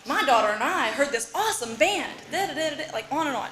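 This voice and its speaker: A woman with a high, bright voice tells a story on stage, animated and quick to laugh as she plays out the lines of her relatives. She sounds roomy and echoey, with faint live ambience behind her. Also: a little hiss or hum. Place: bar or small venue with audience.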